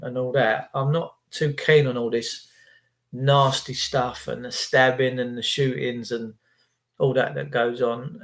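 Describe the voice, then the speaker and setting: A man's voice: mid-range voice, vocal fry, a bit bright. A man hosting his own channel, talking in a casual, opinionated monologue. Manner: chatty, quotes people in their own voices. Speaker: channel host.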